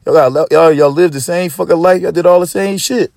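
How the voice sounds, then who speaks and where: A podcast host with a high, gravelly, darkish voice rants a little fast in casual street slang, swearing heavily and restarting often. His delivery is profane, rambling, and preachy, recorded in studio quality with no room sound.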